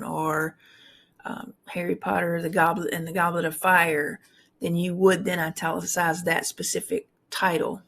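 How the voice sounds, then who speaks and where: A woman's voice: fairly low pitch, gravelly, a bit bright. A woman instructor explaining formatting rules in a recorded tutorial, talking through examples with frequent fillers and restarts.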